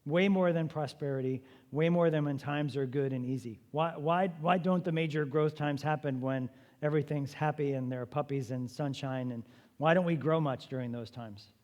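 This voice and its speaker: A man's voice: on the high side, normal speed, a little mellow. Man teaching in a reverberant church hall. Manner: conversational, emphatic teaching with rhetorical questions. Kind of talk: apologetics seminar lecture. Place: church meeting room.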